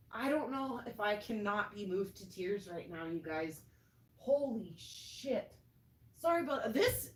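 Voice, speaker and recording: A woman's voice: fairly high pitch, reverberant, distant mic. A woman livestreaming from her backyard at night, breathless and overwhelmed, exclaiming at what she sees. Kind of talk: live-stream reaction.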